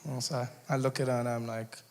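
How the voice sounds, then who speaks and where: A man performing a stand-up comedy set on stage, telling stories with animated, mock-indignant bursts. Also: mid-range voice, fast talker, creaky, a little hiss or hum. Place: comedy stage before live audience.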